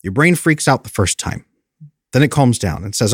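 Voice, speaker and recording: A man's voice: mid-range voice, lively intonation, moderate pace, slightly rough, dry recording, studio quality. A man who is an attachment specialist, explaining in an earnest, coaching way and briefly mimicking anxious inner voices.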